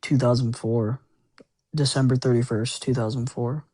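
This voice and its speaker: A man in his twenties from Minnesota calling into a show, answering in short, defensive replies with a naturally high-pitched voice. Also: steady tone, normal speed, dark tone, no room sound. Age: 20s. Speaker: caller.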